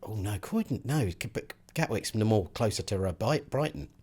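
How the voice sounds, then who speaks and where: Podcast co-host: woman, low-pitched for a woman, very lively pitch, playful and rambling. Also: moderate pace, breathy edge. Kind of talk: casual chat.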